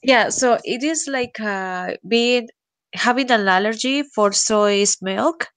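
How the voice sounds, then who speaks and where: A woman's voice: on the high side, slow, fairly bright tone, clean tone. A woman as conversation partner in a casual language practice chat, answering with short reactions and questions.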